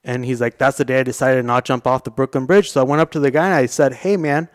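A man's voice: medium pitch, steady tone, rapid-fire, no echo, clean studio sound. A young man telling a story as a podcast guest, casually and loosely, swearing and laughing along. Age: young adult. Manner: laid-back, swearing, laughing through his story.

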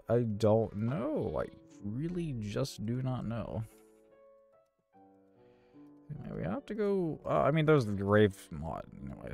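Gravelly, lively man narrating his gameplay. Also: medium pitch. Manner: exasperated, talking to himself, mild cursing. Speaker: gaming channel host. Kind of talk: live gameplay commentary.

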